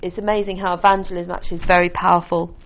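A woman's voice: on the low side, flat delivery, very fast, muffled recording, a little hiss or hum. A woman giving an informal teaching talk to a small group as a church leader, conversational and full of restarts. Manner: conversational, with restarts and light laughs.

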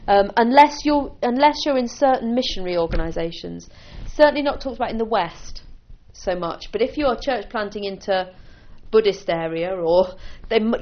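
Recorded with the highs cut off, a woman of medium pitch leads a small group in an informal teaching talk as a church leader. Her manner is conversational, full of restarts and light laughs.

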